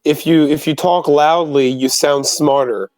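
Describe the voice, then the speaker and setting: A male player jokes around and insists on what his character sheet says. His voice sits a little high. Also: steady tone, unhurried, darkish tone, no room sound.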